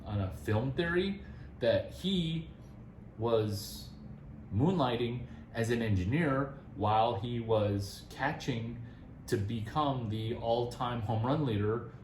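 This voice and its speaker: A man giving career advice in a rambling, animated casual talk, often laughing and restarting his sentences. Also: medium pitch, echoey room, slight background noise, poor audio.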